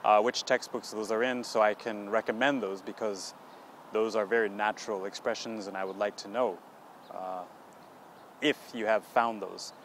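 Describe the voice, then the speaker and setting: A man hosting an English lesson podcast, patiently repeating words slowly for learners. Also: mid-range voice, slight background noise. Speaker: English teacher and podcast host.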